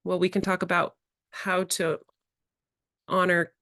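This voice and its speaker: Animated woman leading a workshop. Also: measured pace, dry recording, clean studio sound. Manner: animated, acts out playful kid dialogue in bright high voices. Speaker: workshop presenter. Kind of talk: early childhood workshop talk. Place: indoor workshop room.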